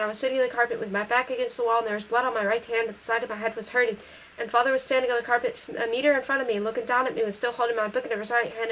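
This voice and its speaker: A woman reading a novel aloud in steady first-person narration. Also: on the high side, slight background noise, rough recording. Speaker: audiobook reader.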